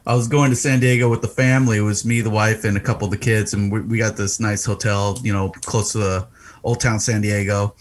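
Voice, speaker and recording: A man's voice: lowish voice, flat delivery, brisk, slight background noise. A family man on a casual podcast, telling a wry, grumbling story. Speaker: podcast co-host.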